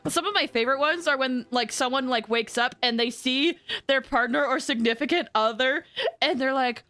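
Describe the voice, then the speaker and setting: A young woman streamer chatting casually to her audience while playing, rambling through stories and giggling often. Her voice is high-pitched and bright. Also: normal speed. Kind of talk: casual live-stream chat.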